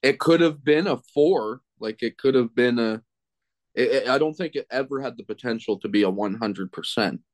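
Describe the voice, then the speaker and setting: A man's voice: mid-range voice, normal speed, no echo. A man who is a guest on a podcast, chatting in an easygoing way and hedging his opinions. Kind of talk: casual chat.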